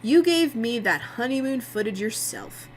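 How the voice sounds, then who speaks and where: A woman's voice: a little high, lively intonation, normal speed, a little hiss or hum, voice pushed up, lightly acted, rough recording. A woman voicing a smug male TV producer, sarcastic and needling.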